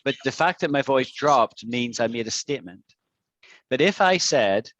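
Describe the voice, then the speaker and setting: A man's voice: medium pitch, lively intonation, moderate pace, a bit bright, no room sound, lo-fi sound. A man teaching an online English lesson, patiently explaining with repeated examples.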